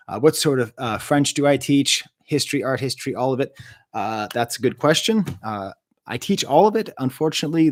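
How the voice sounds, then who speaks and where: A man's voice: mid-range voice, no room sound, studio quality. A man who teaches French, chatting casually on a livestream, rambling and joking at himself with lots of filler uhs. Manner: rambling, self-deprecating, many filler uhs. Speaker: music reviewer and French teacher. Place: home room.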